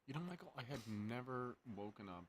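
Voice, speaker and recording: A man's voice: medium pitch, animated, fairly quick. A man on a casual live stream, answering with dry, wry quips. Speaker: guest. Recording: faint background noise.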